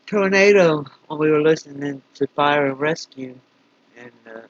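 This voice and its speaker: A man's voice: mid-range voice, no room sound, lo-fi sound. A man chatting casually on a live stream, commenting on police radio traffic with frequent laughter and a tired manner. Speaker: scanner stream host.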